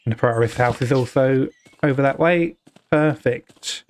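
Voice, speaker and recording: A man's voice: mid-range voice, a little fast, a little mellow, slight background noise. A British man casually commenting as he plays, often muttering to himself. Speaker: streamer.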